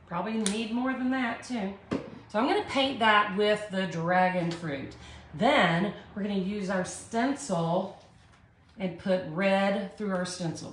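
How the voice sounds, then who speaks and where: A woman hosting a live art tutorial chats with viewers and talks herself through each step, teasing herself along the way in a Southern US accent. Her voice is mid-range. The recording is in an echoey room with slight background noise.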